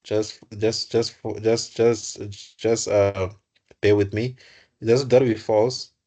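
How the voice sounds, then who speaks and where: A man's voice: lowish voice, steady tone, slow pace, dark tone. A young man tutoring computer science, explaining code aloud, often correcting himself and repeating words. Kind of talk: live coding lesson.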